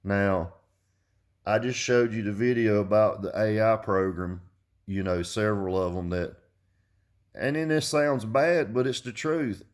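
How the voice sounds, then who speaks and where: A man's voice: fairly low pitch, measured pace. A man in his fifties ranting bluntly to his viewers, cursing freely and repeating himself when he gets heated. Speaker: car audio vlogger. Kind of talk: casual rant to camera.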